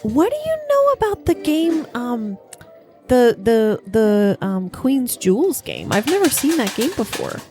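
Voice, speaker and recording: A woman's voice: a little high, very animated, unhurried, darkish tone, faint music behind. A woman voicing Juniper, a curious young woman visiting a casino for the first time, in a chatty, sing-song way.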